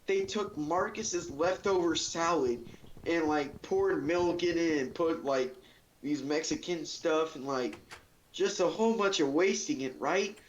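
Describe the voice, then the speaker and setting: A man's voice: fairly high pitch, unhurried. Rambling teenage boy on a dull mic. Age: teens. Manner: rambling, full of fillers and quoted outbursts. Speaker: streamer. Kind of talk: casual chat while gaming. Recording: dull lo-fi mic with faint hiss.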